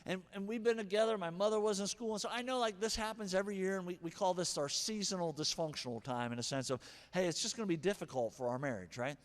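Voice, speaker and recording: A middle-aged man preaching a sermon as pastor, animated, moving from hushed asides to shouted punchlines. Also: high-pitched, fast talker. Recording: long hall reverb.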